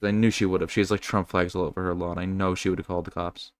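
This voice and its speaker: A man co-hosts a podcast, telling stories in a loose, rambling, profane way. His voice sits low and sounds smooth and clean. The room sounds dry and close. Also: quick pace, no room sound. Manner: rambling, profane, animated storytelling. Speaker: podcast co-host. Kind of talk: casual podcast chat.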